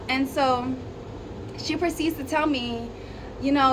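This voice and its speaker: Woman vlogger, high voice, chatty storytime delivery, faint room hum behind. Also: moderate pace. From Arizona, USA. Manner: chatty, animated, lots of fillers. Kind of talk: casual storytime.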